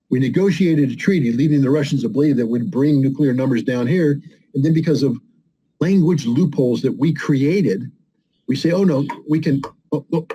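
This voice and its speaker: An older American man speaks as a guest in a conversation, his medium-pitched voice mellow and slightly rough. He comments emphatically and argumentatively, acting out quoted voices, on a low-quality recording.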